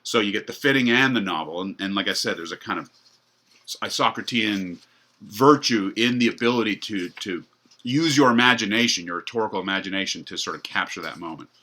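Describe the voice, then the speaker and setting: A man's voice: fairly low pitch, a little fast, sharp tone. A middle-aged man giving a university lecture in a loose, conversational way, full of fillers and restarts. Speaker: professor.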